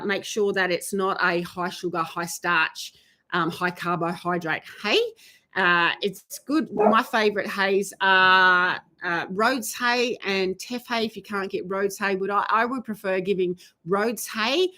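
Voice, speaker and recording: A woman horse trainer giving advice in a live Q&A, talking with many ums and pauses. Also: mid-range voice, pushed and bright. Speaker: horse trainer answering viewer questions. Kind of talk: live Q&A chat.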